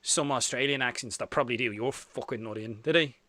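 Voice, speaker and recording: A man's voice: medium pitch, a little fast, bright, forceful tone, no room sound. An Irish man hosting a casual hobby livestream, bantering, swearing and reading out chat comments. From Ireland. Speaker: host.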